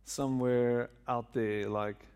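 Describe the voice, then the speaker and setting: A man's voice: mid-range voice, steady tone, slow pace, a little mellow, clear, resonant tone. A man, a pastor who jokes with his congregation and then leads a prayer. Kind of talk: sermon with prayer. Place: church before a live congregation.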